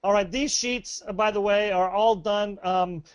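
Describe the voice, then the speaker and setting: A man's voice: high voice, steady tone, a little slow, clean tone, dry recording. A man presenting a sales webinar, upbeat and rambling, with many fillers and restarts.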